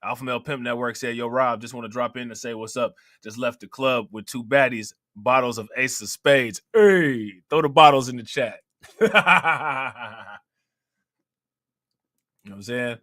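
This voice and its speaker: A man's voice: medium pitch, a little slow, pushed and bright, dry recording, clean studio sound. A man with an Ohio accent hosting a casual livestream, talking loosely, laughing often and reading out chat messages. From Ohio, USA. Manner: loose, conversational, laughs often, keeps asking "you know what I'm saying".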